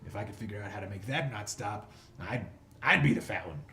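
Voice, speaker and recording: A man's voice: fairly low pitch, animated, fairly quick, bright, forceful tone, slight background noise. A man voicing a chatty, scheming male goblin boss who rambles in a chummy way. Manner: rambling, chummy, full of fillers. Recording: echoey room, faint ambience.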